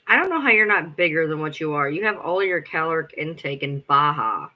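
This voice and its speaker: A man's voice: on the high side, sing-song, brisk, highs cut off. A man chatting casually on a live stream, rambling, swearing freely and answering his chat as he goes.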